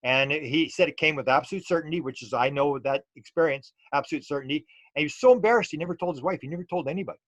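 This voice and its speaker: A man's voice: a little high, very fast, hardly any pauses, a bit bright, no echo, dull audio. A middle-aged man, a UFO researcher talking as an interview guest and telling stories loosely with many restarts and fillers. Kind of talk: casual storytelling interview.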